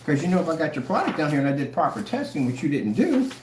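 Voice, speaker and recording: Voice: mid-range voice, big pitch swings, fast. A channel host in a casual rant to the camera, taunting and mocking. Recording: echoey room, faint noise.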